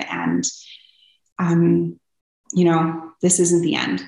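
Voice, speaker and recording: A woman's voice: fairly low pitch, little pitch movement, slow pace, pauses often, darkish tone. A young woman telling her personal story as an interview guest, earnest and open, with frequent ums. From Canada. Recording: echoey room.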